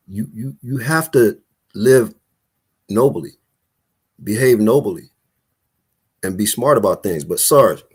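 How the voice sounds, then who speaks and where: A man hosting a live Bible study call, talking in a casual, animated, preacherly way. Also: mid-range voice, husky. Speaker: host of an online Bible study talk.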